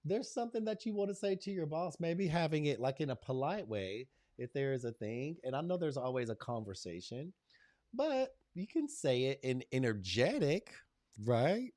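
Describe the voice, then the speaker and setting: In lively chat with his viewers, this livestream host calls people out by name and breaks into encouraging pep talks at a moderate pace. Pitch and volume rise and fall dramatically in his animated delivery. The audio sounds close and dry, free of any room echo.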